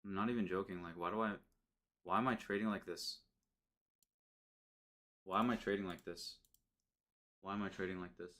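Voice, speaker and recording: A man's voice: deep voice, fairly even intonation, moderate pace, long pauses, a bit bright. A young man streaming his day trading live, frustrated and swearing, repeating himself as he talks to viewers.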